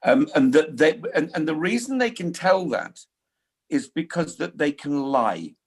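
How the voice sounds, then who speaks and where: Gravelly-voiced older man. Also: a little high, very animated, a little slow. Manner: rambling with frequent restarts. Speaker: guest. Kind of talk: casual conversation.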